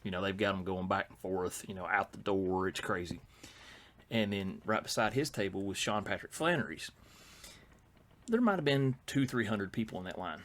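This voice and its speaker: A man's voice: sits low, moderate pace, fairly bright tone, a little hiss or hum. A middle-aged man, telling stories in casual podcast chat, rambling with fillers and restarts. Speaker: podcast co-host.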